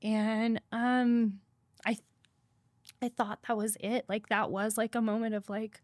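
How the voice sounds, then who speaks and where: A woman's voice: on the high side, flat delivery, slow pace, darkish tone, no room sound. A woman guest on a podcast telling a hard personal story candidly, swearing freely and repeating points for emphasis.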